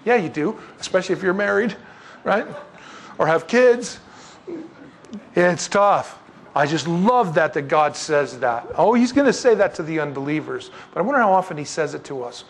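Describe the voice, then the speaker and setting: A man leading an evening Bible study, talking through scripture in an animated, conversational way with joking asides and rhetorical questions. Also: fairly high pitch, normal speed, slight background noise. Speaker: Bible teacher.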